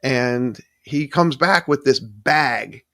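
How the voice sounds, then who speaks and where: Gravelly man chatting on a livestream. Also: mid-range voice, takes it slowly, bright, forceful tone, dry recording, studio quality. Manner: rambling, restarts sentences often and thanks chat viewers by name. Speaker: livestream host. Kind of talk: casual live-stream chat.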